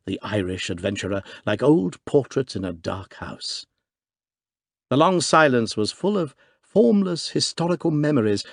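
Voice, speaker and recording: A man narrating a classic detective story in an expressive, dramatic reading. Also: lowish voice, dry recording, studio quality. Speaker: audiobook narrator. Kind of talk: scripted narration.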